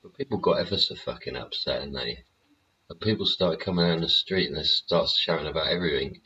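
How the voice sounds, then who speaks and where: Very deep-voiced man ranting. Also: brisk, pushed and bright, slight background noise. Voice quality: sweary, rhetorical tag questions. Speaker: show host. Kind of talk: casual rambling rant. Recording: dull lo-fi recording.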